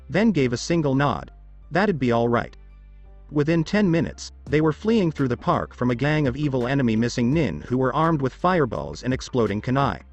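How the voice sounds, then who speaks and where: A man reading a story as scripted narration, with small shifts of voice for quoted children. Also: medium pitch.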